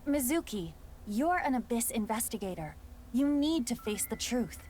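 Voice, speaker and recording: A calm AI partner. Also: female voice, a little high, normal speed, a little hiss or hum. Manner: calm, matter-of-fact. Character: calm analytical female AI partner. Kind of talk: video game voice acting.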